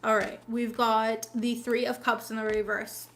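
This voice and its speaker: A woman's voice: a little high, level tone, measured pace, a bit bright, a little hiss or hum. Blunt, sassy woman reading tarot. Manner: chatty, with frequent laughs. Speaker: tarot reader.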